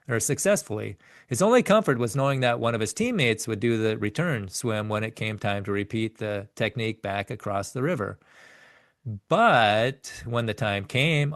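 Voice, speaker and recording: A man's voice: mid-range voice, no room sound, studio quality. A man reading a biography chapter aloud in an earnest way, often stumbling and correcting himself mid-sentence. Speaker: narrator reading a book chapter.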